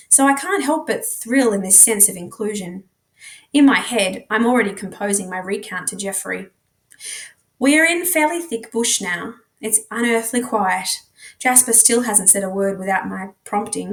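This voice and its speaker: A woman reading a novel aloud in measured, expressive first-person narration. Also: mid-range voice. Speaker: book reader.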